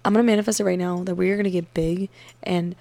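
A woman's voice: lowish voice, fairly even intonation, quick pace, vocal fry, dark tone. A young woman co-hosting a podcast, chatting casually and telling rambling, profane stories with lots of laughter. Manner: profane, giggly, rambling storyteller. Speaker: podcast co-host. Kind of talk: casual chat.

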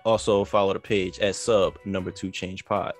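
A man's voice: deep voice, flat delivery, moderate pace, soft background music. A man co-hosting a podcast in laid-back, slangy, rambling casual chat. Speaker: podcast co-host.

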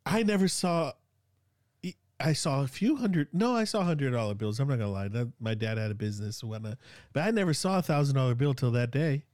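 A man's voice: medium pitch, fairly quick, a little mellow, no echo, studio quality. A man from Sacramento with a Northern Californian accent, chatting casually and rambling with lots of fillers and slang. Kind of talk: casual chat.

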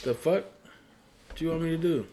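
A man's voice: on the high side, moderate pace, background noise. A man in casual, profane podcast chat, talking bluntly and with emphasis. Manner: blunt, emphatic, swears often.

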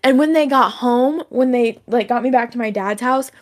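A young woman telling a story in casual chat, animated and acting out the voices she quotes. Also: fairly high pitch, normal speed.

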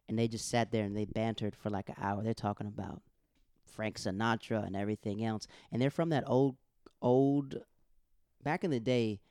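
A young man rambling through a casual monologue, acting out the people in his stories. His voice is smooth and resonant, recorded close and dry with no room sound. He talks in loose runs with restarts. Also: lowish voice, no echo. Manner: rambling, animated storytelling with quoted voices.

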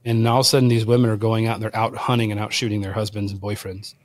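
A man with a fairly low voice tells his story in a lively, conversational way. He is a wild game chef who is a guest on the podcast. He acts out the people he quotes. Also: racing.

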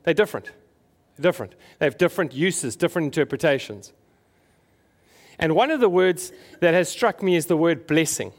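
A South African pastor delivers a conversational sermon, putting questions to his congregation as he goes. His voice is fairly high with lively intonation, and he speaks briskly.

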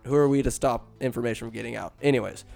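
A man's voice: mid-range voice, very fast, creaky, darkish tone, faint music behind. A man casually retelling a movie plot, rambling and joking with profane, slangy asides. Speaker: film recapper.

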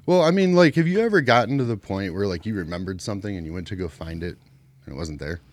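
A man's voice: sits low, lively intonation, fast. A man co-hosting a casual podcast chat, joking and laughing with friends. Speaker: podcast co-host.

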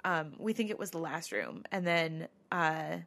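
A woman's voice: low-pitched, big pitch swings, unhurried, vocal fry, a bit bright. Chatty woman telling a ghost story. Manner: chatty storytelling, many fillers, laughs often. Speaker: podcast co-host. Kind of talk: casual chat.

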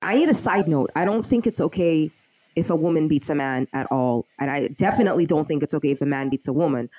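A woman's voice: deep voice, fast, dry recording. A young woman chatting casually as a podcast co-host, retelling a TV drama and acting out the characters. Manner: animated storyteller acting out characters' lines. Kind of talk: casual chat.

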